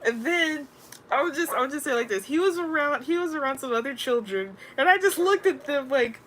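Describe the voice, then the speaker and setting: A woman's voice: high-pitched, a little fast, slight background noise. Slangy, rambling woman talking spirituality. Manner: slangy, rambling, animated storyteller. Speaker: spiritual content creator. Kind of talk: casual spiritual talk.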